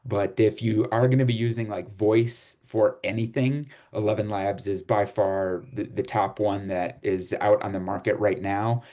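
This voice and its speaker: A man from Chicago hosting a casual group chat on a video call, relaxed and rambling with fillers and laughs. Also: lowish voice, moderate pace, few pauses. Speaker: host.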